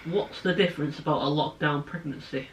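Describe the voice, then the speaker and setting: A young man reads out questions in short, dry bursts. His voice is a bit high for a man and strongly bright. He keeps it casual. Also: fairly quick, a little hiss or hum, low-quality recording. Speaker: fiancé asking questions. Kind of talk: casual interviewing.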